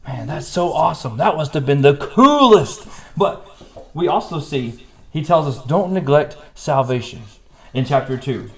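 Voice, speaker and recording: Excitable man teaching a kids' class. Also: on the high side, a little slow, echoey room. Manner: excited, goofy, lots of laughing and exclamations. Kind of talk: playful kids' Bible lesson. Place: church classroom.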